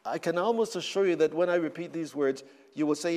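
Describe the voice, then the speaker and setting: A man's voice: a little high, fairly quick, a little mellow. A man preaching a sermon, repeating words and rising in emphatic bursts.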